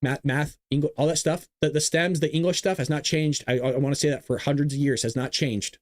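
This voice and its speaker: A man's voice: a little high, fairly even intonation, brisk, no room sound. A man hosting a live news commentary show, ranting emphatically with repeats and restarts.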